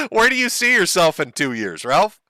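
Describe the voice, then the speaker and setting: A man on a livestream rants in a mocking, profane way and breaks into laughs at his own jokes. His voice is bright and tense, and his pitch swings widely. The sound is dry and close, with no room around it. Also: sing-song, measured pace, no echo. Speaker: livestream host.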